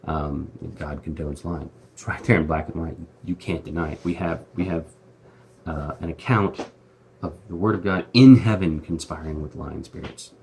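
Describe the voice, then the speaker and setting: A man with a low voice talks through scripture in a loose, conversational style, full of slang and restarts. There is a faint hiss behind him. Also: normal speed, darkish tone. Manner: chatty, slangy, frequent fillers and restarts. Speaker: host. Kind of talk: casual Bible commentary.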